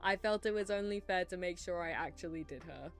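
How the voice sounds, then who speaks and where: A woman's voice: lowish voice, fairly quick. Young female streamer, rambling and giggly, casual swearing, faint music underneath. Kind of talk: casual livestream chat while drawing.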